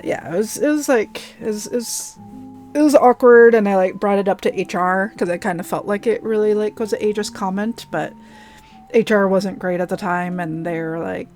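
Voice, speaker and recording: A woman's voice: medium pitch, a little mellow. A woman streamer chatting casually while playing a game, laughing often and filling with lots of likes.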